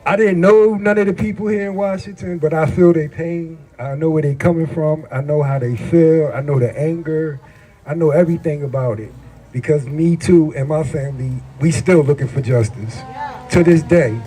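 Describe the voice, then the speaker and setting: A man's voice: on the high side, moderate pace, warm tone. A man from New Jersey giving an emphatic protest speech at an outdoor street rally, picked up by a handheld camera mic. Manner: emphatic, street-talk, repeating questions. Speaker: rally speaker.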